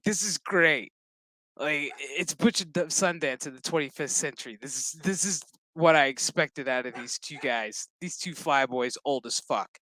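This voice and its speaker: A man's voice: fairly high pitch, smooth, no echo, rough recording. A man casually recapping a TV episode, swearing freely and acting out the characters' lines as he goes. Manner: profane, excitable, acts out characters' lines. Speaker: show recap host.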